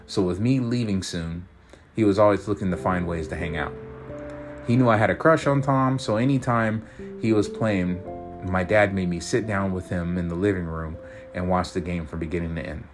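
A man hosting a podcast, reading a serialized story aloud in a relaxed way with fillers. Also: low voice, moderate pace. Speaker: podcast host and story reader. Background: guitar music.

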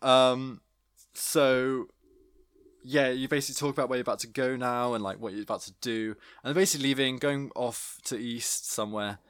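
A man's voice: mid-range voice, steady tone, normal speed, a bit bright, clear, resonant tone, no room sound. A man chatting eagerly about a video game, often tripping over his words. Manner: enthusiastic, stumbles over words.

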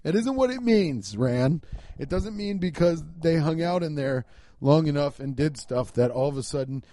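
A man's voice: on the high side, animated, moderate pace, mellow, no room sound, natural voice. A man voicing a retirement home aide who patiently corrects a misunderstanding. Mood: correcting.

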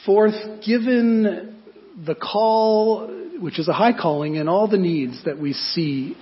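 A man's voice: sits high, slow, lo-fi sound. A man preaching a sermon in a conversational way, often asking his listeners rhetorical questions. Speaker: pastor.

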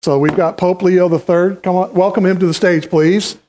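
A man's voice: sits high, steady tone, normal speed, dark tone, slight background noise. A male pastor giving a conversational, teaching sermon from a church stage, calling volunteers up to act out a history lesson.

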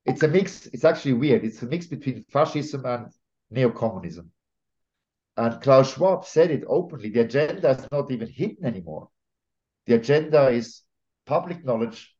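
A man from Switzerland, speaking as a guest on an interview podcast in an emphatic, opinionated way, often pausing with fillers and restarting sentences. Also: medium pitch, expressive, mellow. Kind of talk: conversational interview. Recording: slightly dull lo-fi audio.

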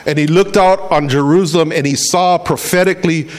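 Middle-aged guy preaching, chatty, slightly high voice. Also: fairly quick. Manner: conversational preaching with acted-out quotes. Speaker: pastor. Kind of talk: sermon.

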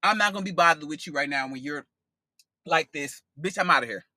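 A man doing a calm, unbothered woman who won't argue and would rather walk away, sounding dismissive. The voice is slightly raised in pitch and bright, and it stays close and dry. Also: a little fast, dry recording.

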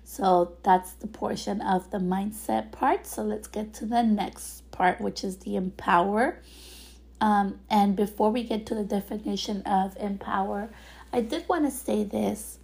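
A woman with a raspy voice, hosting her own podcast from home and talking in a chatty, motivational way. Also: mid-range voice, unhurried, darkish tone. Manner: chatty, motivational, loose with fillers. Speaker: podcast host. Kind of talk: casual solo podcast monologue.

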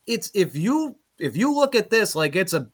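A middle-aged man, a play-by-play broadcaster from upstate New York, telling road stories in casual podcast chat, animated and loud at punchlines. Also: sits high, normal speed. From Utica, New York.

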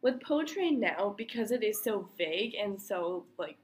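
A woman's voice: mid-range voice, lively intonation, moderate pace, darkish tone. A young woman co-hosting a podcast, easygoing and earnest in casual chat. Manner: easygoing, earnest, defends her points with a laugh. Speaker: podcast co-host.

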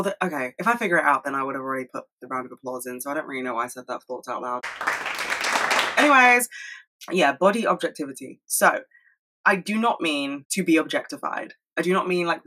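A woman talking fast and candidly to her camera at home, swearing freely in a casual solo monologue. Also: sits low, pushed and bright, poor audio. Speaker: solo video host.

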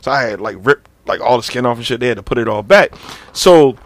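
A man telling childhood stories in casual, profane banter, getting loud and animated as he goes. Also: mid-range voice, quick pace, dry recording. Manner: animated, profane, cracks up mid-story. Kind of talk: casual storytelling chat.

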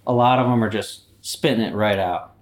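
A man's voice: lowish voice, brisk, natural voice. A man playing cocky Human Error. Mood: swaggering. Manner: swaggering, boastful, laid-back. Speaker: company anti-mascot guest. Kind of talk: in-character comedic interview.

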